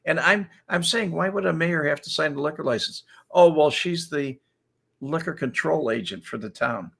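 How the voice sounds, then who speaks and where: An older man hosting a casual talk show, telling animated stories and laughing often as he acts out quotes. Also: a little high, normal speed, creaky, slightly rough. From Chicago area. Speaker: show host. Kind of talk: casual storytelling chat.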